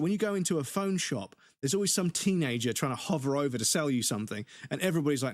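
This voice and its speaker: A man's voice: a little high, lively intonation, fast, few pauses, dry recording, clean studio sound. A man with an English accent chatting casually on a live game stream, ranting with swearing and laughing asides.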